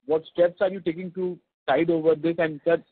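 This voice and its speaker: A man calling in to question company management, pausing and rephrasing as he speaks. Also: on the high side, level tone, breathy edge, no echo. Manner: searching, hesitant. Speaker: investor caller. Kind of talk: earnings call question. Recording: tinny phone line.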